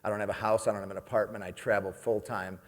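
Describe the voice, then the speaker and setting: A man's voice: lowish voice, level tone, quick pace. Male keynote comic from New York, playful and chatty, onstage in a hall with a long echo. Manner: jokey, conversational, keeps asking "right?". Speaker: motivational speaker. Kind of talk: comedic keynote speech. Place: event stage in a large hall. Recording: long reverb of a large hall.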